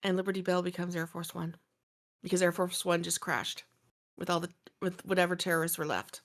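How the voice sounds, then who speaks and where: A woman's voice: lowish voice, fairly even intonation, fairly quick. A woman co-hosting a podcast in casual chat, playfully correcting details with trivia. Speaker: podcast co-host.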